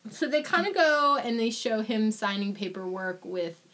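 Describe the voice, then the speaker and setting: A young woman co-hosting a podcast in casual chat, animated and swearing freely as she acts out lines in voices. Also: a little high, moderate pace. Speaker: podcast co-host.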